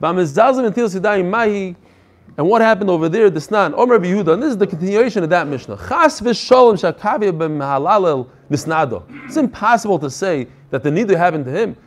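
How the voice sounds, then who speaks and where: Male Talmud teacher with a fairly high voice, explaining text in an animated, emphatic way. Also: quick pace. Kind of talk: Talmud class lecture.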